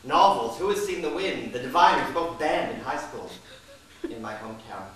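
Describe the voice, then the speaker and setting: A man's voice: mid-range voice, animated, normal speed, fairly bright tone. A middle-aged man performing a wry, theatrical monologue on stage. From Canada. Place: performance space. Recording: very echoey hall, distant mic.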